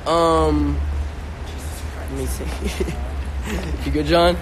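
A man's voice: fairly high pitch, very slow, noisy background. A young man on a casual live stream, a musician talking loosely in slang on his phone. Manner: slangy and loose, raps and sings along. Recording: loud music playing behind.

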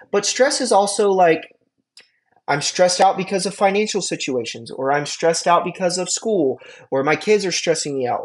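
Chatty man lecturing casually. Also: high-pitched. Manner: chatty, informal, frequent fillers and acted-out examples. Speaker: EMT instructor.

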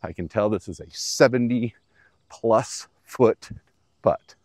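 A man with a fairly low voice walks the viewer through a golf lesson out on the course. He is upbeat and plain-spoken, keeping things simple. The sound is close and dry, with little room in it. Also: slow, darkish tone, no room sound. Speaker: golf instructor.

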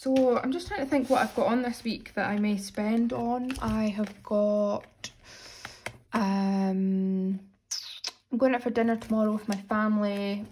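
British woman, casual budgeting chat, slightly hoarse, mid-pitched, faint noise behind. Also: a little mellow. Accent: British English. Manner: chatty, self-narrating, counting money aloud. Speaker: budgeting vlogger. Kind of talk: casual chat while cash stuffing.

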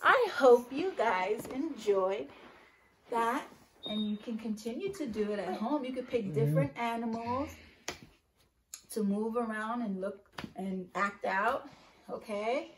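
A woman leading a preschool circle-time lesson, with an encouraging sing-song manner, speaking slowly and clearly to young children. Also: a little high, roomy sound, distant mic, slight background noise, low-quality recording. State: out of breath. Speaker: preschool teacher.

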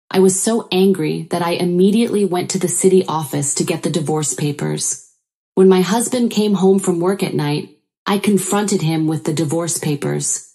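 A woman narrating her own story in the first person, in an even, plain storytelling manner. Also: fairly low pitch.

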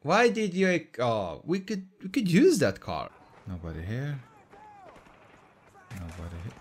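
A man giving casual let's-play commentary, excitable, swearing often and shouting callouts. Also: a little high, a little slow, long pauses. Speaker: gameplay commentator.

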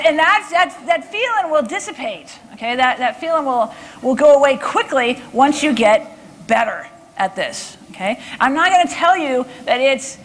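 High-pitched texas lady doing a conference talk, chatty and lively, keeps asking okay?. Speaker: body language speaker. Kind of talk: conference talk with audience questions.

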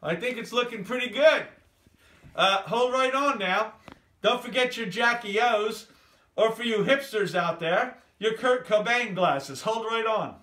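An older man doing a hammy, deliberately bad English accent, high and bright in tone. He chats along with plenty of fillers as he demonstrates something at home. The sound is echoey and comes from a little way off the mic. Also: recorded from a distance. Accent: put-on bad English accent. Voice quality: hammy, chatty, filler-heavy. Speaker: drummer. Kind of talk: jokey home demo video.

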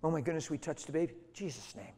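A man's voice: on the high side, fast. A middle-aged man preaching a sermon, telling a story with energy and acting out the voices of other people. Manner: animated storytelling, acts out voices. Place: large hall with long reverb. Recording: reverberant hall.

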